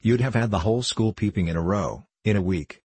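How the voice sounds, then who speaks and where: A guy doing a blunt blustery businessman, dismissive, deep voice, storybook. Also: fairly quick, darkish tone, slightly rough, no room sound.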